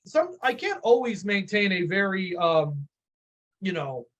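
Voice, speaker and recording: High-voiced man with a Chicago accent. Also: sing-song, a little slow, a bit bright. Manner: chatty, musing, self-questioning. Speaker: panelist. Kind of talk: casual political discussion.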